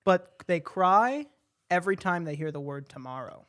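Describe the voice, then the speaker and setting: A man co-hosting a comedy podcast in casual chat. He teases, laughs easily and pitches outlandish dating scenarios. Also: lively intonation, moderate pace, a bit bright. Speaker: podcast co-host.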